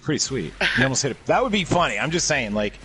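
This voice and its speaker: A man's voice: mid-range voice, very animated, fast, a loud crowd. A man bantering and joking with a friend while playing a game, throwing in teasing asides. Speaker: gamer chatting with a friend. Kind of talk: casual chat while gaming.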